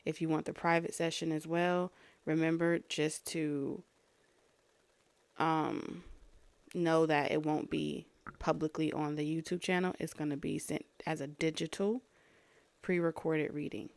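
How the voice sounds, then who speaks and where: A woman with a lowish, gravelly voice hosts a live-stream tarot reading. She talks to her viewers in a casual, chatty way, and her heavy breathing carries into the mic. The sound is dry and close. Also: level tone, unhurried, no echo. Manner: casual and chatty, talking to viewers between card pulls. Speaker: tarot reader.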